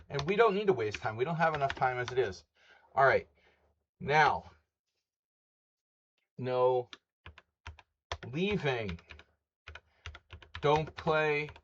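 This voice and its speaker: Male chess streamer, mid-pitched, chatty and wry, slightly dull home-stream audio. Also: a little hiss or hum. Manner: chatty and wry, rattling off rules and greeting viewers. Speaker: chess streamer hosting a simul. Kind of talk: casual live-stream chat.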